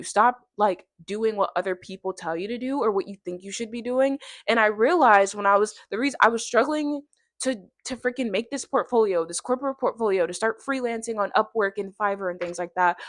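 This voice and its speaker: A young woman in her twenties, a vlogger chatting casually and tiredly to camera, rambling quickly through tangents with many fillers. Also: medium pitch, no room sound, clean studio sound.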